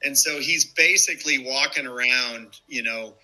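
Man in his fifties, podcast guest, casual storyteller with a very bright tone and animated quoted voices. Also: normal speed, poor audio. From United States. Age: 50s. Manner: animated, acts out quoted people with sharp jumps in pitch, lots of fillers. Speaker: former baseball player, guest.

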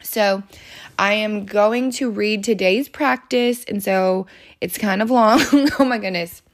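A woman's voice: mid-range voice, takes it slowly. A woman hosting a self-help podcast, earnestly encouraging the listener and reading passages aloud from a book. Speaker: podcast host.

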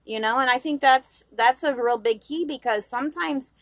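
A woman's voice: high voice, a bit bright, no echo. A woman co-hosting a Christian radio program, sharing her thoughts on faith in a sincere, rambling way. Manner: sincere, rambling, quick bursts. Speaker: radio co-host. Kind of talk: casual reflective talk on faith.

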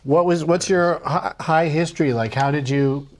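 A man hosting a casual podcast, talking in a slow, laid-back, drawn-out way. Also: on the high side, steady tone, a little hiss or hum. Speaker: podcast host.

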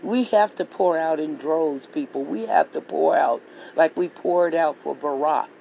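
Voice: mid-range voice, unhurried, gravelly, dark tone, slight background noise, rough recording. A vlogger delivering a heated political rant monologue, swearing freely and repeating phrases for emphasis. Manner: profane, repetitive, heated ranting.

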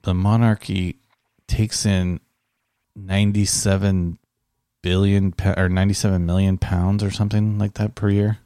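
A man's voice: sits low, little pitch movement, moderate pace, warm tone, dry recording, clean studio sound. A man hosting a casual podcast chat, reading out news items and laughing often. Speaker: podcast host.

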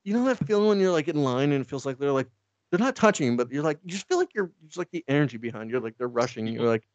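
A man's voice: fairly high pitch, lively intonation, fast, a little mellow, no room sound. A man casually retelling a story for laughs, rambling, swearing and laughing often. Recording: dull lo-fi dry sound.

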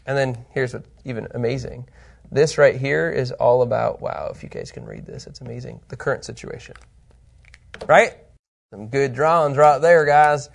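A man teaching an informal Bible lesson, animated and chatty, often checking in with his listeners and his co-host. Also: medium pitch, normal speed, vocal fry.

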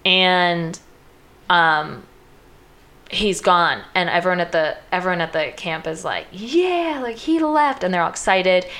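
A woman's voice: fairly low pitch, fairly even intonation, a little slow, sharp tone. A woman casually retelling a film's plot, peppering her speech with "like" and briefly acting out the characters' lines. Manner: chatty, uses lots of "like", acts out quoted lines.

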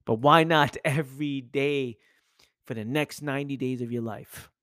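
A man's voice: medium pitch, normal speed, a bit bright, no room sound, studio quality. A man hosting a podcast and delivering an intense, preachy motivational monologue full of rhetorical questions. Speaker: podcast host.

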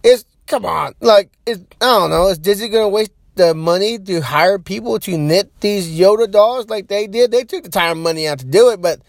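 Male podcast host, slightly high voice, casual rambling delivery, dead dry recording. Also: normal speed, gravelly, few pauses, dry recording. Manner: loose and rambling, talks straight to listeners.

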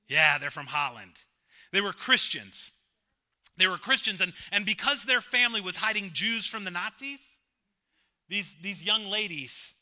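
A man's voice: fairly high pitch, sharp tone. A male pastor giving a sermon, emphatic and repeating his key phrases.

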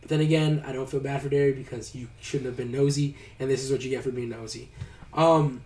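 A podcast co-host casually recaps a movie, talking fast in a medium-pitched voice and animatedly acting out the characters' lines. The recording sounds roomy, as if taken from a distance.

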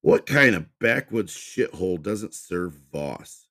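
A man's voice: deep voice, expressive, slow pace, pitched above the performer's own voice, full character voice. A man voicing a rude, abusive, short-tempered young man who snaps and swears. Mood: contemptuous. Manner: snapping, shouting, swearing.

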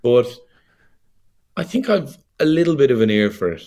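An Irish man, a young adult actor, chatting as a guest in an interview, animated and full of fillers and laughs. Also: medium pitch, moderate pace. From Ireland. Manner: animated storyteller, laughs easily, many fillers. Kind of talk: casual interview chat.

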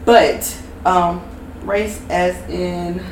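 A woman's voice: fairly low pitch, level tone, drawn-out words, a little mellow. A woman co-hosting a casual podcast, telling stories with jokes and cursing. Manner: joking, profane, storytelling. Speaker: podcast co-host. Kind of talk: casual chat. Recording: roomy, distant mic with background noise.

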